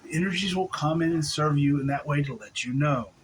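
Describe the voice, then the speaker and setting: A man giving a relaxed spiritual talk on video, laughing softly now and then and restarting his sentences. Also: on the high side, brisk, slight background noise, rough recording. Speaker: spiritual teacher.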